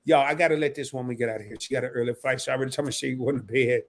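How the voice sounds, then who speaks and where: A man's voice: mid-range voice, racing. A man hosting a casual live stream, talking loosely, repeating himself and breaking into laughter.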